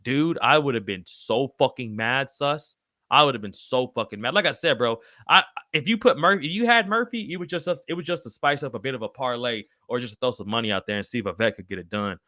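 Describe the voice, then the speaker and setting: A man hosts a live podcast stream, reacting to chat in a wild, loose way, swearing often and calling everyone brother. He's a fast talker with a medium pitch, and the audio is clean studio sound with no room sound.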